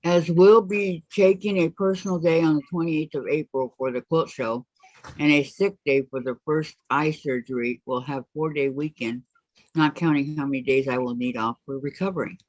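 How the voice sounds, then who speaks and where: A woman's voice: deep voice, steady tone, normal speed, a little mellow, no echo. Woman reading chat aloud, lo-fi. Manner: reads viewer comments aloud. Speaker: livestream host reading chat. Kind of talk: casual chat. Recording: dull lo-fi stream audio.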